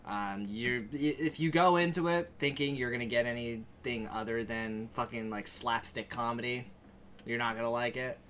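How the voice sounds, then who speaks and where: A young man co-hosting a podcast, giving relaxed, profane opinions in casual chat. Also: mid-range voice, moderate pace, a little hiss or hum. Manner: relaxed, swearing film opinions. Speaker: podcast co-host.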